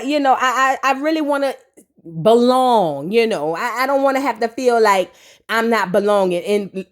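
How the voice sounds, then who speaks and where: Sassy high-voiced woman recapping reality TV. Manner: sassy, profane, animated retelling with quoted voices. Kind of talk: casual reaction commentary.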